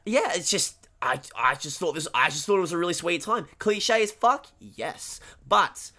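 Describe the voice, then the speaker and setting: A man co-hosting a podcast talks through a movie in loose, profane bursts. He keeps restarting his sentences. His voice sits a bit high and rings bright. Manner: animated, profane, halting with many restarts. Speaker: podcast co-host. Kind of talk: casual film-review chat.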